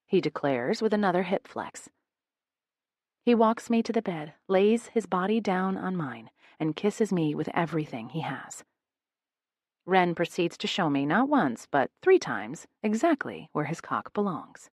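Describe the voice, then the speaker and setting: A woman's voice: fairly low pitch, lively intonation, normal speed, a little mellow, no room sound, clean studio sound. A woman reading a first-person romance audiobook in an intimate voice. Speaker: audiobook narrator.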